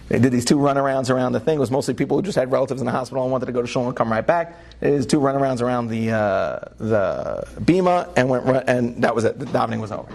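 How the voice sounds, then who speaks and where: A husky-voiced man, a rabbi, tells a personal story to listeners. His telling is lively, with laughs slipping in and his voice climbing as the story builds. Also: medium pitch. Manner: lively, laughs while telling, voice rising with excitement. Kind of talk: animated storytelling talk.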